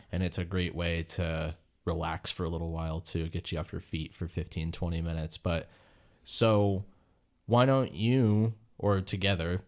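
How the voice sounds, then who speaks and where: A man co-hosting a relaxed podcast conversation. His voice is very deep and easygoing, and he drops dry asides between short replies. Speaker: podcast co-host. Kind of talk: casual chat.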